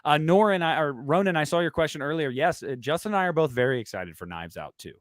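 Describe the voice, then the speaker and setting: A man co-hosting a casual horror talk stream, animated and emotional, swearing now and then. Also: a little high, fast talker, no echo, clean studio sound. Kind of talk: casual chat.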